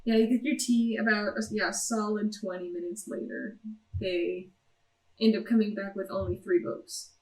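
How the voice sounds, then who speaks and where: A woman runs a tabletop game as game master, painting scenes in slow, descriptive narration. She is at a mid pitch for a woman. The room around her is echoey. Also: fairly even intonation, darkish tone.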